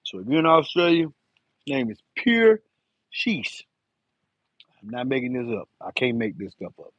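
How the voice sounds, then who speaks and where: Heard on a muffled recording with no echo, a man around fifty, in his 50s, speaks at a measured pace in a very animated, fairly bright mid-range voice. The enclosure builder hosts a live stream, chatting loosely and rambling in slang.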